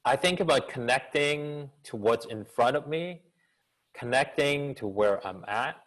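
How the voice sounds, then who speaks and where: A man of middle pitch answers questions over a video call, speaking as a communication coach. He talks with an actor's expressive energy and keeps asking rhetorical questions to draw his listeners in. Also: unhurried, poor audio. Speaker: business school professor and communication coach. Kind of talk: answering questions in an online seminar.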